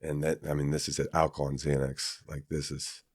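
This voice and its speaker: A man's voice: very deep voice, flat delivery, brisk, no room sound, clean studio sound. A man from Kansas, a podcast guest, telling a personal story in a rambling, casual way with many fillers and restarts.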